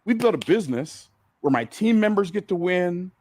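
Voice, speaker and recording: A man's voice: high voice, expressive, moderate pace, darkish tone, no room sound. A man teaching from a stage in a seminar style, emphatic and repetitive, asking the audience questions. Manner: emphatic, repeats key phrases, asks the audience questions. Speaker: business coach speaking on stage. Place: event room with a live audience.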